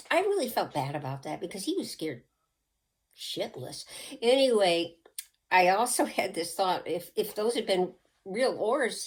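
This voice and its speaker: An older woman in her seventies with a low, deep-set voice tells a personal story in a loose, chatty way. She wanders off into asides and restarts. When she acts out the hypnotist she slips into a soft, hushed, slowed-down murmur. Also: poor audio. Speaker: channel host telling childhood stories.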